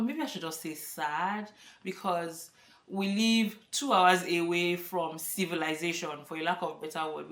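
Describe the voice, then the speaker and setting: A woman's voice: fairly low pitch, fairly bright tone. A woman in her thirties with a Nigerian accent, talking casually and emphatically to camera in a vlog. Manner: chatty, emphatic, laughs often. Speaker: vlogger. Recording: echoey room, a bit far from the mic.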